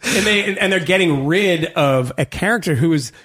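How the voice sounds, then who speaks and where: A man co-hosting a podcast in casual chat, an animated storyteller who acts out voices. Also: a little high, normal speed, husky. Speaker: podcast co-host.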